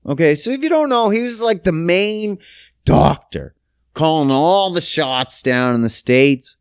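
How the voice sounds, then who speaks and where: A man's voice: on the high side, lively intonation, measured pace, gravelly, clean tone, no echo, clean studio sound. A young man from Canada hosting his own podcast, ranting in a profane, sarcastic way. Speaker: podcast host. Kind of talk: casual solo podcast rant.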